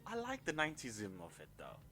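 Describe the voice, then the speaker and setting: A man co-hosting a podcast in casual chat, excitable and jokey, swinging between loud outbursts and low mutters. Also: fast talker. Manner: excitable, jokey, big swings in pitch and loudness. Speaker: podcast co-host.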